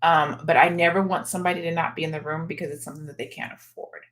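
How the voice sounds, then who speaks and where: Lower-voiced woman chatting on a live stream. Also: fairly even intonation, quick pace, a bit bright. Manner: chatty and direct, addresses viewers as y'all. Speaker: host of a live stream about a women's retreat. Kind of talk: casual live-stream chat reading viewer comments.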